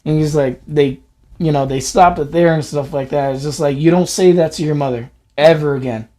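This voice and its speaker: A man's voice: a little high, a little fast, warm tone. A man in casual conversation telling a story, often quoting people in a raised voice. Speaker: podcast co-host. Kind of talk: casual chat.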